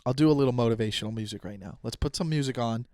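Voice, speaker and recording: A man in his thirties hosting a podcast, telling a long story in a casual, profane and animated way and acting out his own quotes. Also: mid-range voice, racing, dry recording, clean studio sound. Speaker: podcast host.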